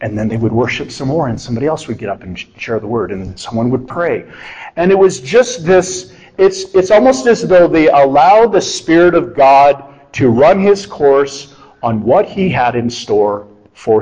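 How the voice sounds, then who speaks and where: A man's voice: medium pitch, moderate pace, breathy edge, poor audio. Conversational man preaching a sermon. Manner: conversational, animated preaching with self-deprecating humor. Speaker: pastor.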